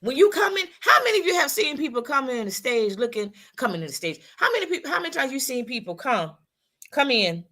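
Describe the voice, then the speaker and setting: A woman's voice: sits high, sing-song, fast, sharp tone. A woman co-hosting a women's talk show, giving a preacherly motivational talk with speech, repeating her lines and acting out how people talk.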